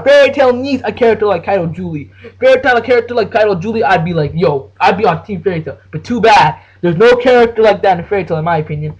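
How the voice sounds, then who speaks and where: Husky, high-voiced excitable man. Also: dull audio. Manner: excitable, profane, full of slang and restarts. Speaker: anime reviewer. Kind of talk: casual anime rant to the camera.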